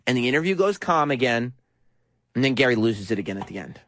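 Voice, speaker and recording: Animated, mocking male radio host. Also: medium pitch, quick pace. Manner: animated, mocking, laughs as he talks. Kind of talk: casual talk radio commentary.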